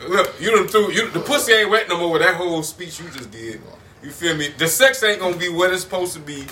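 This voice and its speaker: Brash co-host, bright edgy voice, slightly off-mic with faint hiss. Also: male voice, high-pitched, animated, quick pace. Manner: loud, profane, mocking. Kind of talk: heated casual debate. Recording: distant mic with faint noise.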